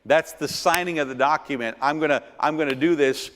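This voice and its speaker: A man's voice: on the high side, brisk, a bit bright, a little hiss or hum. A middle-aged man, a pastor teaching a church finance seminar, emphatic and repeating words, asking his audience rhetorical questions. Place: church hall. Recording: long echo of a church hall.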